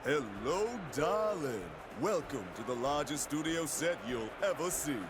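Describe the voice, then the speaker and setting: A man's voice: on the high side, expressive, measured pace. A man voicing a flamboyant male penguin film director who calls everyone darling. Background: loud game music.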